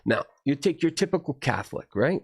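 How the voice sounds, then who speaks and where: A man delivering a rambling, profane monologue to camera, swinging between low muttering and heated outbursts. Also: big pitch swings, fairly quick, slightly rough. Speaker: video host.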